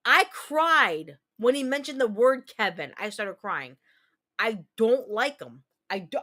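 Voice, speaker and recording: A woman from New Jersey hosting a casual livestream chat, talking in a rambling, profane way and quick to launch into rants. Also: high-pitched, a bit bright. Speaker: livestream host.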